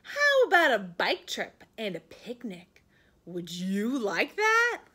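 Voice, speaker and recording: A woman's voice: a little high, wildly swooping pitch, takes it slowly, bright, forceful tone, slightly rough, exaggerated voice. Woman doing a patient frog dad. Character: patient grown-up frog father.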